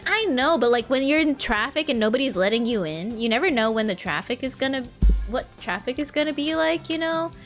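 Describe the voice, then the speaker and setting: A woman streamer from California talks casually over her gameplay in a rambling, filler-heavy way, often breaking into laughter at her own stories. Her voice sits on the higher side. Faint game music plays behind her. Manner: rambling and chatty, full of "like" fillers. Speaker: VTuber streamer. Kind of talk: casual livestream chat while playing.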